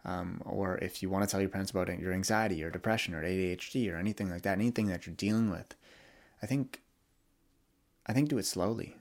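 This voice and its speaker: Very low-voiced man, candid podcast talk. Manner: candid, reflective, with frequent restarts and laughs. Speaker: podcast host. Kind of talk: solo podcast monologue.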